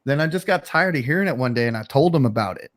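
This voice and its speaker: A man's voice: medium pitch, lively intonation, fast. A man hosting a casual livestream chat, telling a story in a rambling, laid-back way with lots of fillers. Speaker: streamer host.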